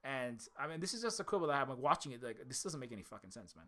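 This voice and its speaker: A man's voice: medium pitch, very animated, rapid-fire, pushed and bright. A young man, an indie game developer, ranting casually in a vlog, sarcastic and rambling, with lots of swearing.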